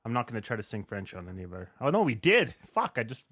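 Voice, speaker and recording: A man's voice: mid-range voice, very animated, fast, a bit bright. A man hosting a casual podcast chat who laughs often and swears casually. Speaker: podcast host.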